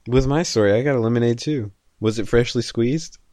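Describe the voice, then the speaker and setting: A man's voice: mid-range voice, a little fast, a little mellow, no echo. A young man co-hosting a casual podcast, dropping dry, teasing remarks. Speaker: podcast co-host.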